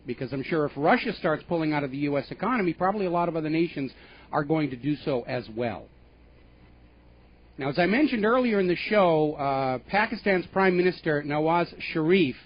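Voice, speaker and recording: A somewhat high-pitched man delivers a political commentary monologue as a radio talk show host. He speaks emphatically and with indignation, slipping into sarcasm. The audio sounds dull and muffled.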